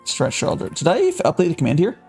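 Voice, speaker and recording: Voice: mid-range voice, wildly swooping pitch, fast, gravelly, darkish tone, husky, faint music behind. A live-streamer reading quest text aloud and stopping to react to viewer chat, with fillers and restarts.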